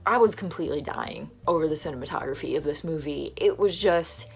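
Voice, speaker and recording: A woman's voice: low-pitched, a little fast, a little mellow, breathy edge, soft background music. A young woman casually retelling and reviewing a film, gushing and full of fillers.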